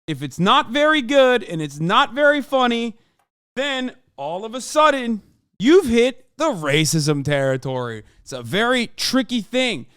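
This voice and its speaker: A man's voice: very high-pitched, very animated, measured pace, a bit bright, smooth, no echo. A man streaming, reacting to a video with profane, sarcastic, heated commentary from home on a close desk mic.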